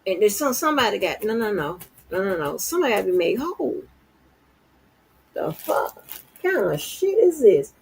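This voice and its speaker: A middle-aged woman from Florida in casual, profane commentary, exasperated and swearing constantly as she swings from low mutters to high outbursts. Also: very animated, moderate pace, vocal fry, a little hiss or hum, low-quality recording. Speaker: streamer commenting on news.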